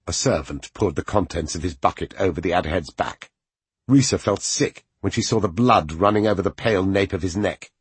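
A man narrating a fantasy audiobook with expressive storytelling. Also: low voice, brisk, husky, no room sound.

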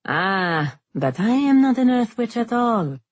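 A woman's voice: medium pitch, big pitch swings, a little slow, dry recording, voice pushed up. A woman voicing a polite, genteel male silk guildmaster who speaks with courteous pride. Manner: courteous, smoothly proud.

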